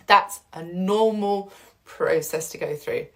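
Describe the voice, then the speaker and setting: A woman's voice: lowish voice, lively intonation, moderate pace, low-quality recording. A woman talking casually and earnestly about coping with upheaval, reassuring the listener and acting out the feelings people go through. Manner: earnest, reassuring, acts out inner voices. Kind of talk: casual talk to camera about coping with change.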